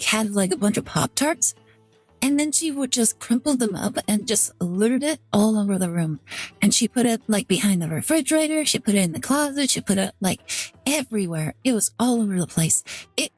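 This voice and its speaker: A woman's voice: mid-range voice, husky, dry recording. A woman streamer telling a story in casual chat, rambling with lots of "like" fillers and restarts. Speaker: VTuber streamer.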